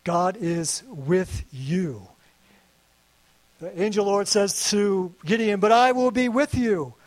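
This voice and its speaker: A man with a high voice preaching to his congregation. He is earnest and conversational, and he slips in playful asides as he goes. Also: slow. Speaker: pastor. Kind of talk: sermon. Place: church service.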